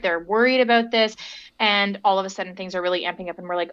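A bright, forceful woman co-hosting a casual book chat, gushing and animated as she talks. Her voice comes through a somewhat dull, lo-fi mic. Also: mid-range voice, quick pace, clear, resonant tone. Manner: gushing, animated, reads quotes aloud. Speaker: podcast co-host.

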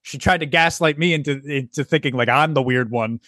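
A man's voice: on the high side, a little fast, dry recording, studio quality. A young man co-hosting a casual podcast, telling a story with acted-out dialogue and lots of swearing. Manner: animated, profane, exasperated storytelling with acted-out dialogue. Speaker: podcast co-host.

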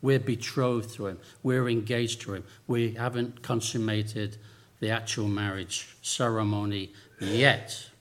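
A man's voice: fairly low pitch, steady tone, a little slow. A male preacher delivering a sermon in an easy, conversational way. He breaks off for humorous asides and then returns to his teaching.

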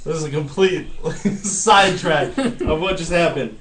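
A man's voice: fairly high pitch, unhurried, roomy sound, recorded from a distance, low-quality recording. A man hosting a podcast from a restaurant's back room, telling a story with much laughter and cursing. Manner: laughing, excitable, profane. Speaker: podcast host. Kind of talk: animated storytelling.

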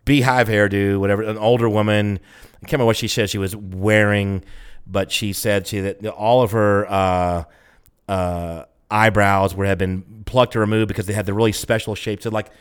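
A man's voice: on the low side, fairly even intonation, moderate pace, clear, resonant tone. A man co-hosting a podcast, from Georgia, telling rambling anecdotes full of fillers in casual chat. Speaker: podcast co-host.

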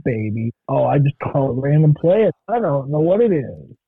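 A man's voice: medium pitch, very animated, moderate pace, gravelly, husky, no echo. Teasing male co-host, dull lo-fi sound. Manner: teasing, calls out scores. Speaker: podcast co-host. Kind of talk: casual chat and joking play-by-play. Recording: dull lo-fi dry mic.

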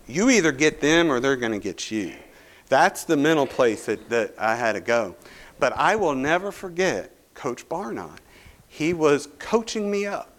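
A man's voice: mid-range voice, fairly bright tone. A male pastor, preaching a sermon through a folksy personal story full of restarts.

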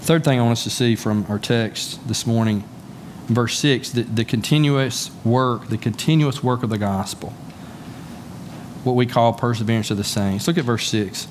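A man's voice: mid-range voice, moderate pace, a little hiss or hum. Folksy Southern preacher, a man. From Southern United States. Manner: folksy, conversational preaching with repeated words and asides. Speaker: pastor. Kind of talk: sermon. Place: church sanctuary.

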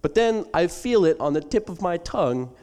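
A man's voice: on the high side, lively intonation, normal speed, darkish tone. A young man casually recounting a camp story. He keeps an easygoing tone and chuckles along the way. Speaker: camp attendee.

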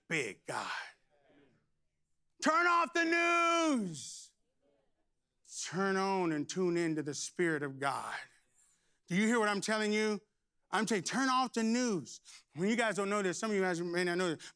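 High, bright-voiced energetic preacher man. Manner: energetic, playful preaching with shouts and humor. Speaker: pastor. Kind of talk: sermon.

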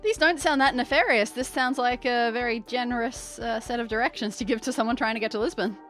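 A woman playing a game as a regular on the show, chatting in a quick-witted, teasing way. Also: on the high side, a bit bright, faint music behind. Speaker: player, regular co-host. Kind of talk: casual game chat.

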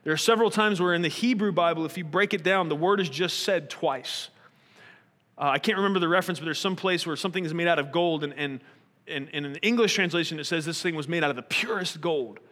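A man's voice: a little high, fast talker, a bit bright, in a large hall. A man preaching a sermon, earnest and probing, asking his listeners pointed rhetorical questions.

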